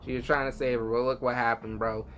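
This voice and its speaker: A man's voice: medium pitch, little pitch movement, fast talker, a bit bright, muffled recording, slight background noise. A man streaming a live reaction to a story, talking casually in slang and exclaiming at the screen.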